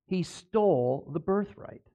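A male pastor delivers an emphatic sermon in a fairly high voice that swings widely up and down. He peppers the congregation with rhetorical questions. He often trips over a name and quickly corrects himself. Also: mellow.

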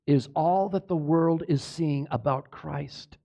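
A man with a high-pitched voice preaches from the pulpit. He delivers his sermon emphatically and keeps turning to the congregation with a questioning "amen?". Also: slow, creaky, mellow. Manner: emphatic, asks the congregation for amens. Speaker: pastor.

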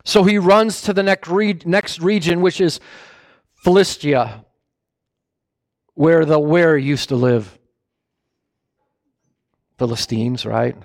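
A man preaching a sermon with animated storytelling who often corrects himself mid-phrase. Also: a little high, takes it slowly, pauses often, no room sound, clean studio sound.

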